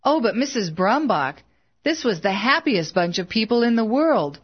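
A woman reading the part of an earnest, humble young preacher, speaking softly and pleadingly in a storybook. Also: on the high side, big pitch swings, moderate pace, husky, muffled recording, pitched above the performer's own voice.

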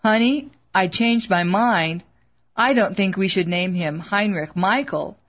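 A woman voicing a young husband who is gentle and playful, in a slightly dull lo-fi recording. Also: mid-range voice, measured pace, close to an everyday voice. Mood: teasing. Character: hearty young husband, joking and tender.

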